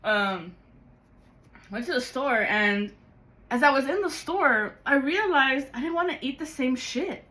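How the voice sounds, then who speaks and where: A woman giving a rambling, excitable spiritual vlog monologue as a card-reading guide, swearing freely. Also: high voice, moderate pace, low-quality recording.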